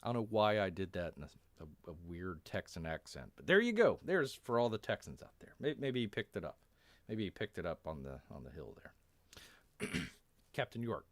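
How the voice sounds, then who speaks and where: Man, casual live-stream storyteller, rambling, lots of fillers, animated pitch, dry close mic. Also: moderate pace, no echo. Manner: rambling, many fillers, talks of himself as Bear.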